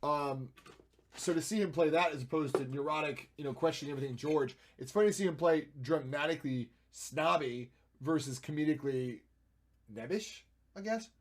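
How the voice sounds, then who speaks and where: A man streaming while he edits photos, chatting and thinking aloud, with playful sound effects and jumps between loud and quiet. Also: on the high side, normal speed. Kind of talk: casual live-stream commentary.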